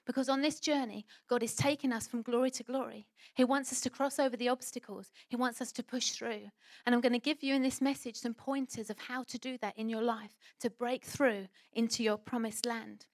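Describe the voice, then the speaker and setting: A woman preaching a sermon and telling a lively personal story, acting out what people said. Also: high-pitched, no room sound. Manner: animated storytelling, acts out quoted voices.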